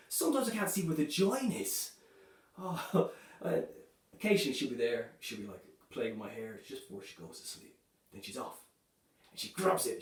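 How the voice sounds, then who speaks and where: A man performing a stand-up comedy set, delivering dark jokes in a loose, chatty way, filling his lines with "you know" and "right". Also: high-pitched. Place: comedy club stage. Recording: echoey room, voice from a distance.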